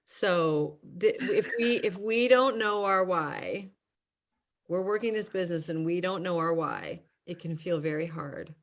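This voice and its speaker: A woman's voice: on the low side, unhurried. A woman hosting a coaching video call, affirming and encouraging the participants. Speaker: host.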